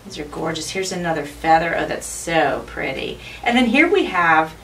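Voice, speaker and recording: A woman's voice: sits low, sing-song, normal speed, fairly bright tone, far from the mic, a little hiss or hum. Gushing woman unboxing craft supplies. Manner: gushing, enthusiastic, chatty. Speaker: craft channel host. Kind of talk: unboxing narration.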